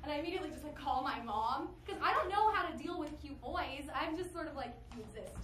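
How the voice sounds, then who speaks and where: A woman's voice: high-pitched, fast, a bit bright, recorded from a distance, slight background noise. A young woman telling a self-deprecating funny story on stage at an improv show, recorded by an amateur camera in the audience. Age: young adult. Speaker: improv performer. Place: stage in a theater. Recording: echoey hall from afar with crowd.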